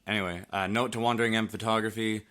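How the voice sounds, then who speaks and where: A man's voice: fairly low pitch, fairly even intonation, fast talker, fairly bright tone. A man co-hosting a casual podcast, loose and offhand, swearing freely. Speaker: podcast co-host. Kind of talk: casual chat.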